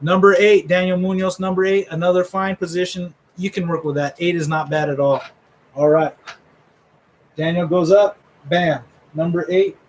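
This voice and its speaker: Joking middle-aged male host, fairly high. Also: fairly even intonation, normal speed, slight background noise, low-quality recording. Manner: joking, rambling trash talk. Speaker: host revealing a fantasy draft order. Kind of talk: casual live commentary.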